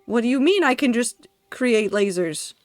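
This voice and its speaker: Excitable woman streamer thinking aloud. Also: fairly high pitch, moderate pace, no echo, faint music behind. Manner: excitable, thinks aloud, talks to herself and chat. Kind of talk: casual live-stream commentary while building in a game.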